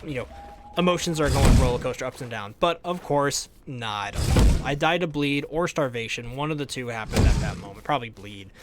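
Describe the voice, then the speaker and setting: Young male gamer, casual animated recap voice, middle pitch, phrases trailing off. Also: a little fast, heavy background noise. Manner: animated storytelling, laughs often, trailing off quieter at ends of phrases. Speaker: gaming YouTuber.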